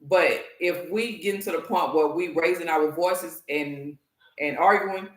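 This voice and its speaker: Man, panel guest, blunt, defensive, high bright voice, echoey room. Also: measured pace. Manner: blunt, defensive, swears casually. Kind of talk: candid group discussion.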